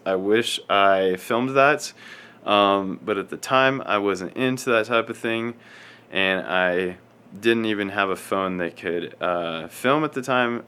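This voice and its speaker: Low-ish guy vlogging, kinda monotone and scatterbrained, swears a lot. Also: clear, resonant tone. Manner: self-described monotone, rambling and scatterbrained, swears often. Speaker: fitness vlogger. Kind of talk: casual storytelling to camera.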